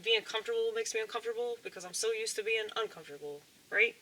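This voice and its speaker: A woman's voice: on the high side, fast, pushed and bright, slight background noise, rough recording. A woman with a Southern US accent, talking in a rambling, casual monologue full of fillers and profanity. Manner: meandering, profane, frequent fillers and short laughs. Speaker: vlogger.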